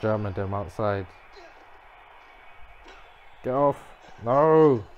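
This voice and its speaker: A man giving muttered, reactive commentary as he plays a wrestling game, now and then breaking into frustrated shouts. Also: on the low side, takes it slowly, muffled recording. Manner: reactive, muttering to himself, bursts of frustrated yelling. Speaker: gamer playing a wrestling game. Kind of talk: live gameplay commentary.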